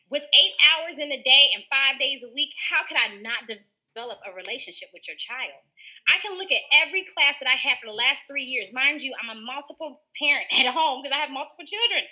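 High, bright-voiced woman teacher. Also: animated, brisk. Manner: warm, earnest, laughs often. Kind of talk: interview answers.

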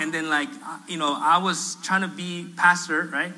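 Male pastor, fairly high, very bright and forceful tone, lively storyteller who acts out quotes with humor. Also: moderate pace, poor audio. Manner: animated, acts out quoted voices, self-deprecating humor. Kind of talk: storytelling sermon. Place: church sanctuary.

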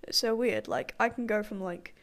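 A woman's voice: mid-range voice, very animated, moderate pace. A young woman rambling in a casual chat, full of fillers and frequent laughter. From partially Irish background.

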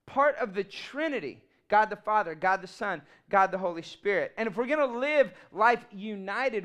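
A man, preaching a sermon in an animated, humorous and emphatic way. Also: sits high. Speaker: pastor.

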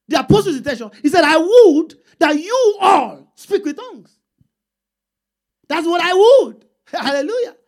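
High-voiced woman preaching. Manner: call-and-response with the congregation, emphatic repeats. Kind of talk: sermon.

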